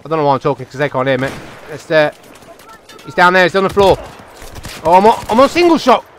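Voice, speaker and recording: A young man giving excitable, chatty commentary over his own game, talking to himself and his teammates. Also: on the high side, quick pace, slight background noise. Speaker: gaming channel host. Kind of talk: live gameplay commentary.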